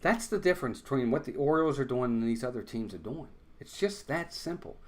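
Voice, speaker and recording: A man's voice: medium pitch, lively intonation, a little fast. A man hosting a fan watch-along stream, calling baseball play-by-play and insisting on his points over and over.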